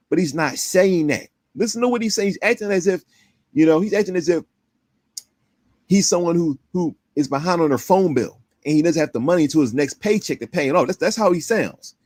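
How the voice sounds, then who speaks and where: A man's voice: a little high, expressive, brisk, darkish tone, no room sound, clean studio sound. A man hosting a stream, indignantly commenting on a clip with pointed rhetorical questions. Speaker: stream host.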